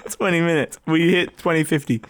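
A man's voice: fairly high pitch, steady tone, a little fast, dry recording. A man co-hosting a casual podcast, telling a story with lots of laughter and swearing, close to a podcast mic. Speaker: podcast co-host. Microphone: studio podcast mic, close.

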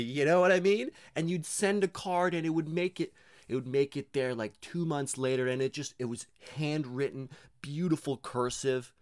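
A man's voice: on the high side, normal speed, no echo, studio quality. A young man rambling casually and profanely in a self-deprecating monologue, full of fillers and restarts.

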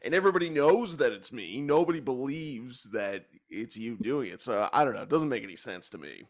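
A male podcast co-host in a mid-pitched voice chatting casually. He sounds bemused and rambles, piling on fillers as he reacts. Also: lively intonation, brisk. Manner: bemused and rambling, with frequent "like" and laughs. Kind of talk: casual chat.

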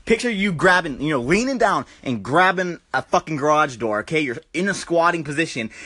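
Young man, crude comic storytelling, swears constantly, says "bro" a lot, high voice, animated pitch. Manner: profane, loose, peppered with "bro" and sound effects. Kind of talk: crude comedic storytelling rant.

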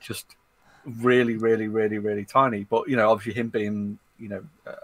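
Husky man in casual chat. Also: fairly low pitch, little pitch movement, a bit bright, rough recording. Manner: chatty, self-deprecating, halting.

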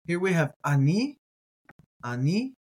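A man's voice: on the high side, measured pace. A man teaching a reading lesson, sounding words out syllable by syllable, hesitating with fillers and correcting himself as he goes. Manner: hesitant, with frequent ums and uhs. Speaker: Hebrew teacher.

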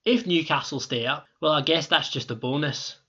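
A vengeful Scottish football manager, played by a man, blunt and crude in a comedy sketch. His Scottish voice sits a little high with a bright, tense edge. The recording is slightly muffled. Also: normal speed, slightly rough.

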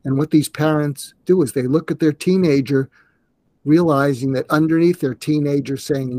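An older man, a psychiatrist guest in an interview, speaking earnestly in a halting way with restarts. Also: a little high, dark tone, no room sound. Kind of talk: conversational interview.

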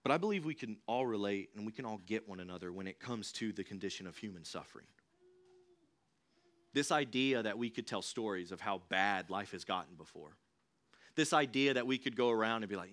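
A young man preaching a sermon in a church, in a conversational, animated way. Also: lowish voice, brisk. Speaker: pastor. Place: church sanctuary.

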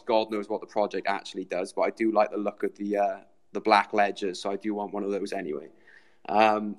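A British man joining a show remotely as the community's guest, chatting loosely and calling everyone mate. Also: on the low side. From Britain. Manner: chatty, says "mate" a lot, rambling. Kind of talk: casual chat.

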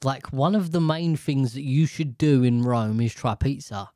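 A man chats casually with a co-host, wandering from point to point with lots of energy. He keeps dropping into quick impressions. The recording is dry and close, with no room echo. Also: mid-range voice. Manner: rambling, animated, breaks into voices. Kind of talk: casual chat.

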